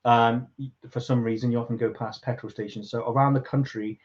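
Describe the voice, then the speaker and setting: A man's voice: mid-range voice, steady tone, a little fast, a little mellow. Male podcast co-host, faded Liverpool accent, rambling chatty delivery, lo-fi sound. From Liverpool, England. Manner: laid-back, wry, rambling explanations. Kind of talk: casual chat.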